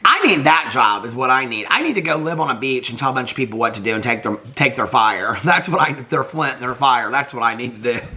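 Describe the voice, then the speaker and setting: Sassy, animated man in his fifties. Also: medium pitch, fairly quick, few pauses. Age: 50s. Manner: animated and sassy, swears freely, acts out quoted people. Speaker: TV reaction vlogger. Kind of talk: casual reality TV commentary.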